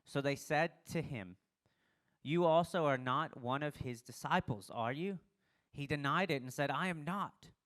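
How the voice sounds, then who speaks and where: A man's voice: medium pitch, fairly bright tone. A young adult man, a pastor giving a casual sermon and acting out the lines of the people in the story. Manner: conversational, acts out quoted dialogue.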